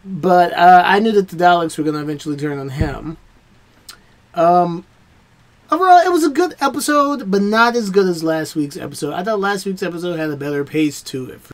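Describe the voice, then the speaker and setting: High-voiced man giving a rambling review. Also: expressive, a little fast. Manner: rambling, hesitant, many fillers and restarts. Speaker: reaction video host. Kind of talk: casual spoken review.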